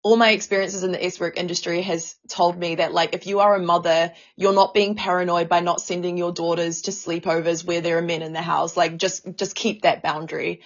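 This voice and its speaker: A woman's voice: fairly low pitch, level tone, a little fast, few pauses, highs cut off. A woman co-hosting a casual podcast, talking with feeling, stammering and swearing a lot. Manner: emotional, stammering, swears often. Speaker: podcast co-host.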